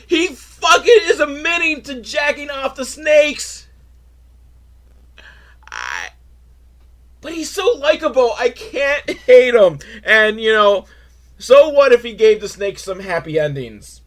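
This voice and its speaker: Animated male comedy podcast host. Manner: animated, swinging from loud excitement to low mumbling. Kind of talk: comedic movie review monologue.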